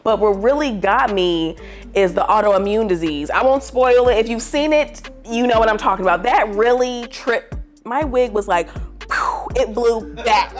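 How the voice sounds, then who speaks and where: A young woman vlogging casual celebrity gossip to camera, slangy and dramatic with lots of fillers. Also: a little high. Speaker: vlogger giving pop culture opinions.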